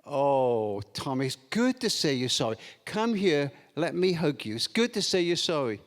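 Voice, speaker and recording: A man voicing a soft-spoken, permissive mother who coaxes her child in a sweet, tearful tone. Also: on the high side, big pitch swings, a little slow, pitched below the performer's own voice. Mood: gentle firm. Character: soft-spoken permissive mum, gently pleading. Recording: long reverb of a hall.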